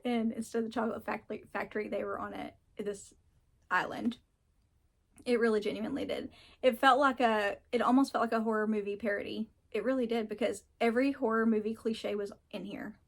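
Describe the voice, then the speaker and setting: A woman's voice: a little high, brisk, gravelly. A woman reviewing books in casual chat, frank and ranting, laughing often and swearing now and then. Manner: animated, mocks characters in put-on voices. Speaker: book reviewer.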